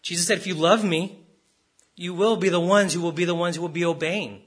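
A man's voice: sits high, fairly even intonation, fairly quick, fairly bright tone. A man preaching a sermon as pastor, stressing words and repeating rhetorical questions.

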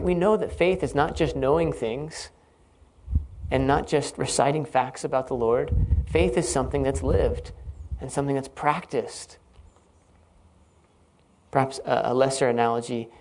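A man delivers an earnest, reflective sermon, explaining the text line by line. His voice sits at a middle pitch with a noticeable gravelly fry. He talks in a thoughtful teaching tone. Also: unhurried, darkish tone, a little hiss or hum. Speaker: Bible teacher.

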